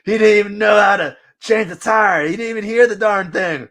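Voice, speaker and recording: A man's voice: high voice, a little fast, a bit bright, pitched above the performer's own voice. A man voicing an auto shop worker mocking a customer in a gossiping way. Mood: smug.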